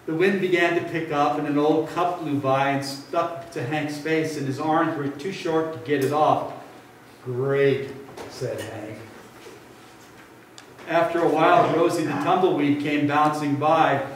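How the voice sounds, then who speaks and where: Gentle man telling a children's story, echoey. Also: fairly high pitch, steady tone, measured pace, far from the mic, slight background noise. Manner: gentle, playful, talks to a child. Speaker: pastor. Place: church sanctuary. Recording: echoey sanctuary, mic from afar.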